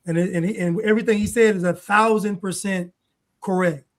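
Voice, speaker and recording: A man's voice: high voice, fairly even intonation, fairly quick. A man hosting a livestream talk show, making emphatic, preachy points and repeating them. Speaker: show host. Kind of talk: livestream commentary.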